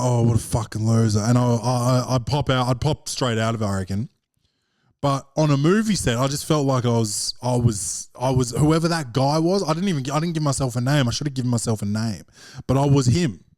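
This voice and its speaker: A young man talking his way through a casual solo podcast from home, loose and rambling, heavy on slang and swearing. His pitch sits in the middle for a man, and the sound is dry and close with no room around it. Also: darkish tone, no echo. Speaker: podcast host.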